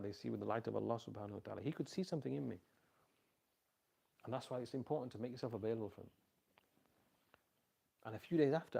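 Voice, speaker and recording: A middle-aged man speaks to a live audience in a relaxed, conversational way, often asking listeners to repeat his point back to him. His voice sits at an everyday pitch but has a gravelly, creaky edge. It is also a little husky. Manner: storytelling with animated quoted voices. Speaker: speaker giving a talk on parenting. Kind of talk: informal religious talk.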